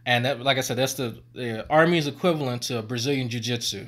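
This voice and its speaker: A man's voice: medium pitch, brisk, fairly bright tone. A man, a former army medic, telling stories on a stream in a rambling, profane and laughing way. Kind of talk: casual storytelling on stream.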